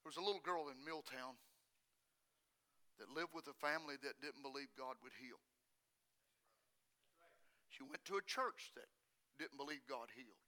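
A man preaching a sermon with passion, swinging between hushed, quiet stretches and loud shouting. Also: medium pitch, normal speed, long pauses.

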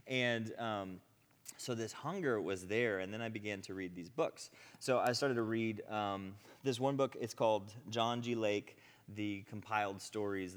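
A male preacher tells a testimony story, animated, acting out quotes and laughing often. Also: fairly low pitch. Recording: long hall reverb.

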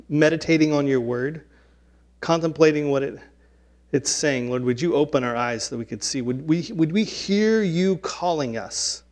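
A man's voice: on the high side, darkish tone. A man in his forties, a pastor giving an earnest, conversational, self-deprecating sermon in a church. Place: church sanctuary.

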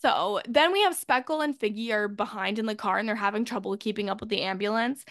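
A woman co-hosting a podcast, chatting casually and loudly as she recaps a TV episode and acts out the characters' lines. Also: mid-range voice, a little fast, no echo, studio quality. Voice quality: loud. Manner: animated, acts out characters' lines when retelling. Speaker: podcast co-host.

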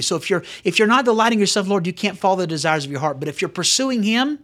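A man's voice: sits high, sing-song, quick pace, few pauses, a bit bright. A middle-aged male pastor giving an earnest, conversational sermon that climbs into emphatic bursts. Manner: earnest, conversational preaching with sudden emphatic rises.

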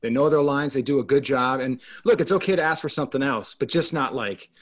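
A man co-hosting a casual talk show, speaking in an animated way and acting out the voices of people he quotes. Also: medium pitch, fairly quick. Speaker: co-host.

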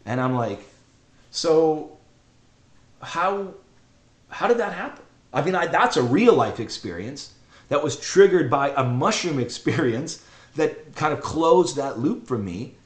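A middle-aged man telling a heartfelt personal story on a podcast, earnest and emotional, often halting and repeating himself. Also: mid-range voice, animated. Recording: roomy echo.

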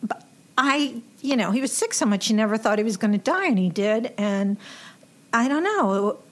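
A woman hosting a casual chat, an animated and emotional storyteller who laughs often. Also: a little high, moderate pace. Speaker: host.

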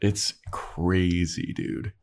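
A podcast co-host with a low, flat voice talks very slowly. He recaps an episode in a laid-back, slangy, casual way.

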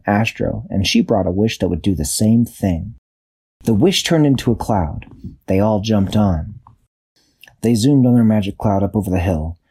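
A man improvising a children's bedtime story, unhurried, searching for words and correcting himself. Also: lowish voice, warm tone, husky.

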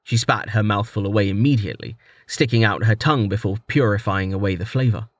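A man narrating a fantasy story in a steady, even storytelling manner. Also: lowish voice, brisk, dry recording. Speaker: audiobook narrator.

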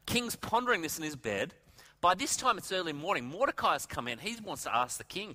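A middle-aged man preaching, retelling a Bible story in a lively way and acting out the characters' lines. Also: a little high, fast talker. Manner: animated, acts out characters' lines. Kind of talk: animated Bible storytelling sermon.

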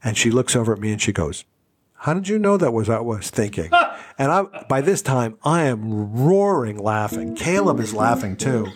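A man chatting casually and telling an animated story, acting out what people said. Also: medium pitch, moderate pace, breathy edge, soft background music. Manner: animated storyteller, acts out quotes.

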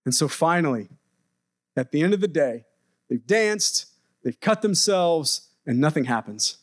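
A male pastor preaching a sermon, urging his listeners and dropping his voice low for emphasis. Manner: exhorting, rising and dropping for emphasis.

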